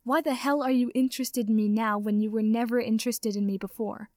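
A woman's voice: on the high side, fairly even intonation, brisk, a little mellow, no echo, clean studio sound, natural voice. A woman reading the lines of a scornful, defensive young male vampire in a sarcastic, sneering manner.

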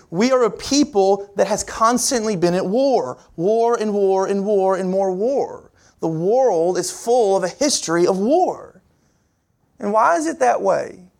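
A preacher delivering a sermon in an earnest, repetitive way, asking the congregation rhetorical questions and pushing key words up and down for emphasis. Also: a little mellow. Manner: pitch and pace swing widely for emphasis.

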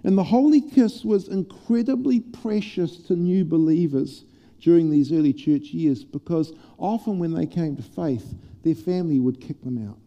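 A man preaching a sermon to a congregation, playful and lively at first and then quiet and prayerful. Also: on the high side, moderate pace, in a large hall. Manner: animated, humorous preaching that turns soft and prayerful. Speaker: pastor. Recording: dull lo-fi church sermon recording.

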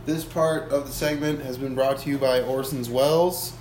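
A man's voice: medium pitch, fairly even intonation, moderate pace, a little mellow. A young man in his twenties, co-hosting a casual podcast, joking and reading out mock ads. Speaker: podcast co-host. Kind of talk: casual chat. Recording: echoey room with faint noise.

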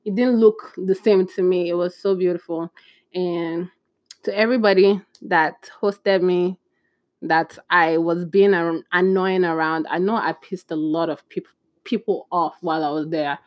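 A woman's voice: on the low side, unhurried, no echo, clean studio sound. A young woman from Nigeria, a podcast host, telling a story casually and acting out the voices of the people in it. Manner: animated, acts out quoted voices.

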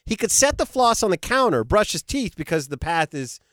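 Animated middle-aged man telling stories. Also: high-pitched, a little fast, no echo, studio quality. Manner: animated storyteller, laughs often. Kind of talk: casual chat.

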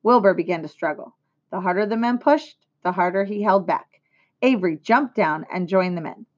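A teacher reading a children's book aloud in clear, measured narration. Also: female voice, fairly low pitch. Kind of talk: storybook read-aloud. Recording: dull lo-fi recording.

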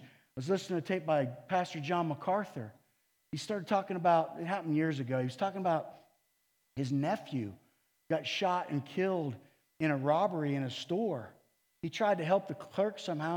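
A male pastor preaches with a voice sitting a touch higher than most men's. He tells stories in an animated way, acting out the quotes and swinging from loud bursts to soft, near-whispered lines. A long hall reverb trails after his words. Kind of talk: sermon. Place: church.

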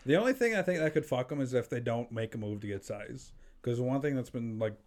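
A man co-hosting a sports podcast, excitable and swearing a lot while telling stories. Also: medium pitch, brisk, a little hiss or hum. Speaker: podcast co-host. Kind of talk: casual sports chat.

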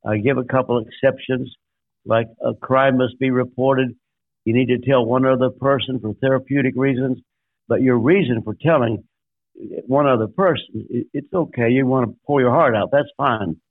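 A man's voice: mid-range voice, steady tone, moderate pace, no echo. Older man preaching over a tinny line. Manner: emphatic, numbered points, acts out quotes. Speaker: guest pastor and author. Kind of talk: sermon-like storytelling. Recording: dry, tinny phone-like line.

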